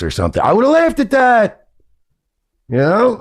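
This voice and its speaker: A man's voice: mid-range voice, huge pitch swings, a little slow. A man in a played clip, speaking in an indignant, sarcastic and profane way. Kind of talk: clip of a podcast rant.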